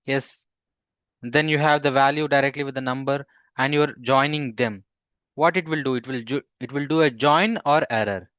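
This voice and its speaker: Male instructor, mid-pitched, dry dull lo-fi sound, halting delivery with fillers, quizzes the class. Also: a bit bright, no echo. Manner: halting, with frequent fillers and restarts. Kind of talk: live coding class.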